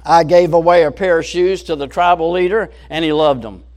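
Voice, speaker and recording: A man voicing an overjoyed male shoe salesman, speaking in high, loud, eager exclamations. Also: brisk, close to an everyday voice. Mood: thrilled.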